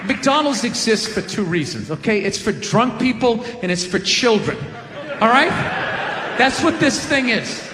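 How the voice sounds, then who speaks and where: A man's voice: very high-pitched, very animated, unhurried, noisy background. A man doing a sardonic, ranting stand-up routine. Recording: echoey live hall with crowd.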